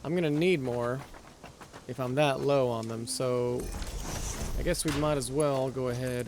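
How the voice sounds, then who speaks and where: A gaming channel host with a mid-range voice gives casual let's-play commentary at a measured pace, rambling, correcting himself, and muttering as he plays. Background noise can be heard.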